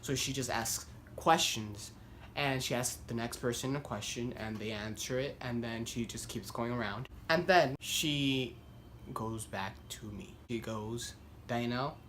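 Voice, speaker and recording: A young man vlogging, telling a story casually and rambling with lots of "like" fillers, getting animated as he goes. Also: medium pitch, measured pace, a little hiss or hum. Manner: rambling, heavy use of "like", self-deprecating; animated, voice climbs when worked up.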